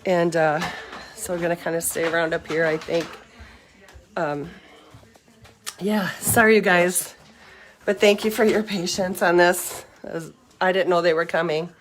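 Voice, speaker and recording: Middle-aged lady rambling on a live stream outside, bit breathless, lowish voice, faint hiss behind. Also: measured pace, pauses often. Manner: chatty, rambling, upbeat. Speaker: livestream host. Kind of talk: casual live-stream chat. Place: outdoors around her home and yard.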